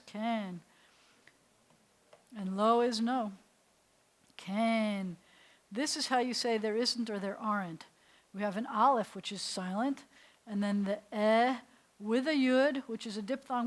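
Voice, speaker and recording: Woman, rabbi, beginners' classroom lesson, mid pitch, patient, repeats syllables, thinks aloud. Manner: patient, sounds out syllables slowly and repeats them. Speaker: rabbi teaching Hebrew. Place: synagogue classroom.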